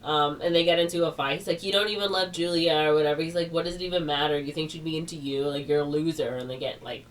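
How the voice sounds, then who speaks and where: A woman's voice: low voice, fairly even intonation, fast talker, hardly any pauses. A woman co-hosting a podcast, casually retelling a plot in a rambling way, full of "like" and "or whatever". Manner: rambling, heavy on fillers like "like" and "or whatever". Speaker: podcast co-host. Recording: distant mic with faint background noise.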